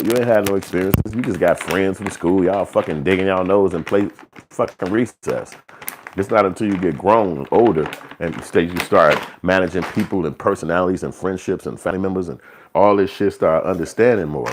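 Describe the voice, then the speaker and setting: Low-voiced guy rambling on a livestream, cussing a lot, faint hiss behind. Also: brisk. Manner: profane, streetwise, slips into acted quotes. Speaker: livestream show host. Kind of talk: casual rambling monologue.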